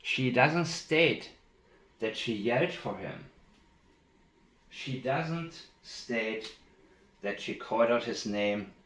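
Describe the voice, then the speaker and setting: A man commenting on interview clips, speaking in a deliberate, emphatic way and repeating key phrases. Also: mid-range voice, lively intonation, fairly bright tone, reverberant. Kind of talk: analytical commentary with played clips.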